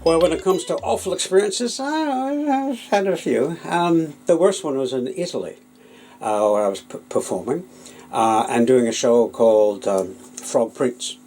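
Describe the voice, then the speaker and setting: A puppeteer telling stories about his work in a relaxed, hesitant way, with many fillers and restarts. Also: a little high, measured pace, a little hiss or hum, low-quality recording. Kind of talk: anecdotal storytelling.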